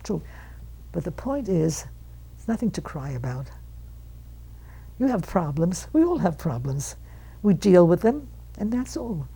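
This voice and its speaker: A woman of one hundred telling stories from her life in an interview, animated and acting out the voices of her relatives. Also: fairly low pitch, measured pace, gravelly, long pauses, husky, rough recording. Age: 100. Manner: animated storyteller who acts out quoted relatives. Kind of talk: reminiscing storytelling.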